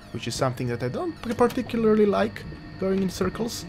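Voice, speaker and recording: His high, gravelly voice has lively intonation and runs a little fast. A let's-play gamer who grew up speaking Croatian, he offers rambling, joking commentary on a horror game and talks back at it as game music plays.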